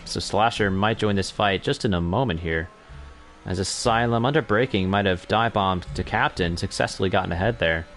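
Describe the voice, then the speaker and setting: A man's voice: lowish voice, fairly quick, fairly bright tone, soft background music. A young man commentating an online racing league in a chatty, self-correcting way that picks up during on-track battles. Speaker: race commentator.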